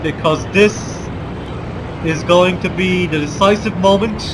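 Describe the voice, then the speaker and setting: A man's voice: high voice, measured pace. A man from the Balkans in a forced American accent, commenting on gameplay with mock-grandiose war speeches and wry asides. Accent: forced American over a Balkan one. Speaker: let's play gamer. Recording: loud game sounds under the voice. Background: game ambience and vehicle noise.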